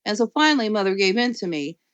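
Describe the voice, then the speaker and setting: A woman's voice: medium pitch, animated, fast, clean tone, lo-fi sound. Lady reading a kids chapter book, playful, dry no-echo sound. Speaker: audiobook reader. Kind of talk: first-person storybook narration in a child's voice.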